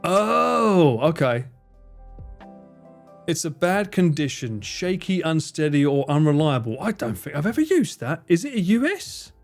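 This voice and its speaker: A man livestreaming a game, excitable, swearing and laughing often as he chats. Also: a little high, measured pace, creaky, faint music behind. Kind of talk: casual gaming livestream chat.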